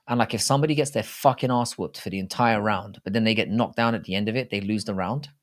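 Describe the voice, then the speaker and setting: A British man co-hosting a live fight-talk stream, chatting casually in an animated, jokey and rambling way with plenty of swearing. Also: fairly low pitch, quick pace. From Britain. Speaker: co-host of a live fight show.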